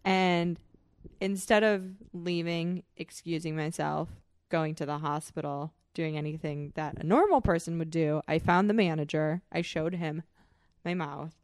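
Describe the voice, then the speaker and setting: A young woman co-hosting a podcast, telling wild stories in a profane, animated way and laughing often. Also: low voice, a little slow, dry recording, studio quality. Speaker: podcast co-host. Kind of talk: casual chat, storytelling.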